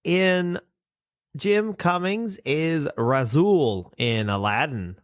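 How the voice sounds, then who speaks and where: A man's voice: a little high, animated, extremely slow, no echo, clean studio sound. A man with a nasal voice co-hosting a casual podcast, reading definitions and cast lists aloud and swearing casually. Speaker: podcast co-host.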